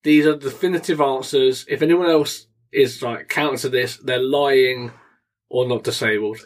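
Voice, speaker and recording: A man's voice: mid-range voice, normal speed. A young man co-hosting a casual podcast chat, joking and laughing often as he talks. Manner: jokey, laughs often, lively delivery. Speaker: podcast co-host.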